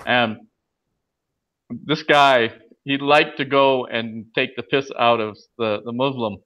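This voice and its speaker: A man's voice: medium pitch, fairly even intonation, measured pace. A man from California, speaking as a guest, telling stories casually with hesitant fillers and restarts. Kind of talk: casual conversational storytelling. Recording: dull lo-fi audio.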